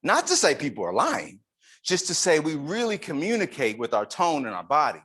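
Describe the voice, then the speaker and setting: A man giving a lively leadership talk at a conference, emphatic and playful with the audience. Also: on the high side, moderate pace, husky. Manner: animated, emphatic, playful with the crowd. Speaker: conference speaker. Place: conference room.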